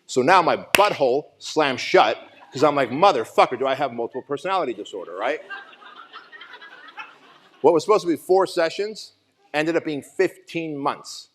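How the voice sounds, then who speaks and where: A man's voice: a little high, lively intonation, normal speed. A man in his forties from Armenia giving an emotional, profane motivational talk at a summit, telling his own story. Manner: raw, emotional storytelling with frequent swearing. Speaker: summit speaker. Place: conference stage.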